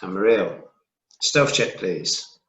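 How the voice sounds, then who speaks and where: A man narrating as game master, relaxed and playful, asking players for checks. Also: sits low, takes it slowly, roomy sound, rough recording.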